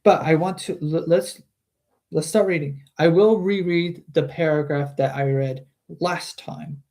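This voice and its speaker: A man's voice: fairly high pitch, fairly even intonation, unhurried, a little mellow. A man reading a book aloud on a stream, chatting about the story between passages and often restarting his sentences. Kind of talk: casual book reading with commentary.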